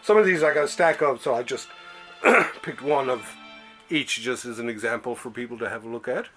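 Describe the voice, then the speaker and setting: A man's voice: mid-range voice, fairly quick, over loud music. A man hosting a casual show about comic books, rambling and often laughing as he talks. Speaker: show host. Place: home library room.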